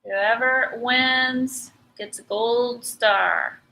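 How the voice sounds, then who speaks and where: Chatty middle-aged woman, bright ringing voice, teasing painting teacher on a live stream. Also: a little high, steady tone, drawn-out words, gravelly, rough recording. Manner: chatty, teasing, laughs often. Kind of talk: live painting tutorial chat.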